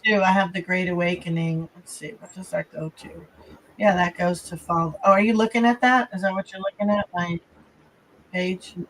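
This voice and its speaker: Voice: mid-range voice, steady tone, normal speed, fairly bright tone, a little hiss or hum, poor audio. A co-host chatting casually on a livestream, laid-back and teasing. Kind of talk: casual chat.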